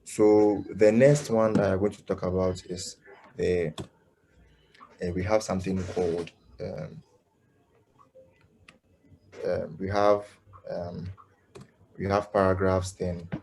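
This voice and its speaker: A low, mellow male voice teaches a coding lesson over a video call and keeps pausing to ask "you understand?". Faint noise hums underneath. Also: little pitch movement. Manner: halting, many fillers, keeps asking "you understand?". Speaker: coding instructor. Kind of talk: live online coding lesson.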